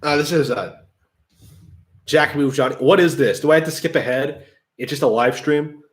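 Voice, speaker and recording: A man's voice: a little high, normal speed. A man hosting a casual gaming commentary stream, rambling and hedging with fillers and swearing. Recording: echoey room.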